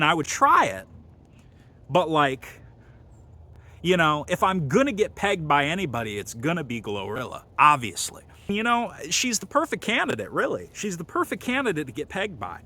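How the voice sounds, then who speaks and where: A man talks through a rambling, crude comic monologue, full of fillers and deadpan boasts. His voice is bright and a little sharp-edged. He sounds like he is hosting his own video. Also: high voice. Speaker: comedy video host.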